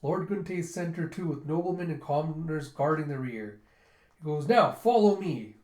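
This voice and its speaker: A man's voice: fairly high pitch, moderate pace, a little mellow, reverberant. A man in a casual comic readthrough, retelling the story and acting out characters' lines. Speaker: book reviewer.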